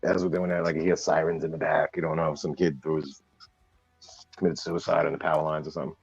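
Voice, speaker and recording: A man's voice: very deep voice, level tone, fast talker, gravelly, breathy edge, dull audio, soft background music. A man co-hosting a podcast from his phone, blunt and joking, swearing freely. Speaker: podcast co-host. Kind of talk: casual chat.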